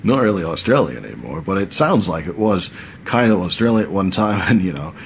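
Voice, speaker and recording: Deep-voiced rambling man. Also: big pitch swings, fairly quick, vocal fry, slight background noise. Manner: rambling, jokey, trails off mid-sentence. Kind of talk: casual chat.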